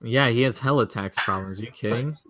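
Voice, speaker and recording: Guy cussing on a drunk podcast, mid pitch, loose casual chat. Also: a little fast, sharp tone. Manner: crude, swearing, acts out others in high voices. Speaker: podcast co-host.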